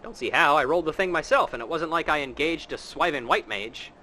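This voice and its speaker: A man's voice: a little high, animated, fairly quick, pushed and bright, a little hiss or hum, voice pushed up. A man voicing a folksy village man who talks in a drawling rural dialect. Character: rustic folksy snowball-tossing villager.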